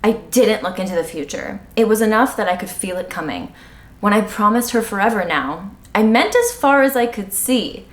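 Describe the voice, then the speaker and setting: A woman's voice: medium pitch, lively intonation, moderate pace. A woman co-hosting a casual read-along podcast, reading aloud playfully with dramatic mock outbursts. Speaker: podcast co-host. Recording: echoey room with faint music.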